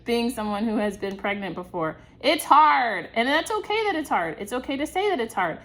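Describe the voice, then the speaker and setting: Young woman doing a chatty tarot reading, slightly high voice, laughs a lot. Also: big pitch swings, normal speed, few pauses. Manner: chatty, laughs often, warm reassurance. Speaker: tarot reader. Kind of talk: casual intuitive tarot reading.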